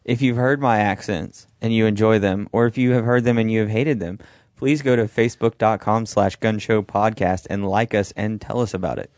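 A man co-hosting a podcast in casual chat, with teasing, deadpan jokes. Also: lowish voice, normal speed, no room sound. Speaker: podcast co-host.

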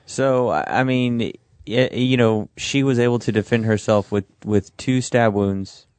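A man co-hosting a podcast in casual chat, with teasing, deadpan jokes. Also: mid-range voice, measured pace, smooth, dry recording. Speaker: podcast co-host.

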